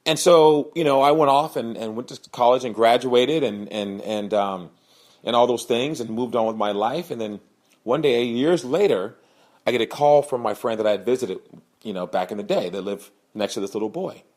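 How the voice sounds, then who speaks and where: A young man hosting a podcast, telling a personal story in an earnest, animated way and voicing the people in it. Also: moderate pace. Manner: earnest, animated, acts out quoted voices with raised pitch. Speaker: podcast host, sales speaker.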